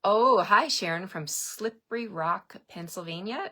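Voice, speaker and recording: Brief: giddy middle-aged Canadian woman hosting a home livestream, bright and lowish voice. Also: normal speed. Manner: bubbly and giddy, laughs often, greets viewers by name. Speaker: stamping demonstrator hosting a livestream. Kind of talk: casual livestream chat. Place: at home, indoors. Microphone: webcam or phone camera.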